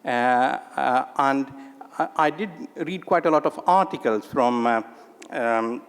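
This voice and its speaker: A man's voice: medium pitch, slow, clean tone. A middle-aged man from India, giving a conference talk of advice, hesitant with many ums and uhs. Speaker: conference speaker, psychiatrist working in the UK. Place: conference hall. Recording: echoey conference hall with long reverb.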